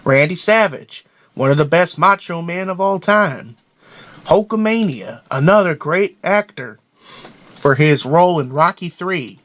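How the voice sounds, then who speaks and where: A man's voice: fairly high pitch, animated, measured pace, fairly bright tone. A man voicing a paranoid, boastful middle-aged cartoon dad in a rambling, self-important comedic monologue. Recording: dull lo-fi audio.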